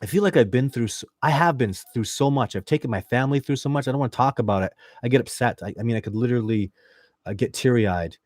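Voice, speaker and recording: A Canadian man hosting a casual livestream, reading viewer questions and rambling excitedly with lots of restarts and fillers. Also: medium pitch, fast, dry recording, clean studio sound. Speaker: livestream host.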